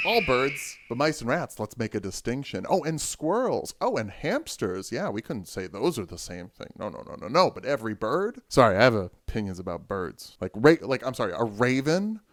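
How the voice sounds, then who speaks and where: A man's voice: medium pitch, moderate pace, few pauses. Joking man reviewing a card game deck. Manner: joking, rambling, animated asides. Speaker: deck tech host.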